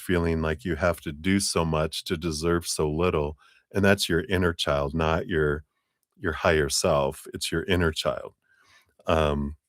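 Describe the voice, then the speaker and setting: Man, very low voice, tarot reader on a live stream, chatty with lots of fillers, dry close sound. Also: dry recording. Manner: chatty, laughs often, many "you know" fillers.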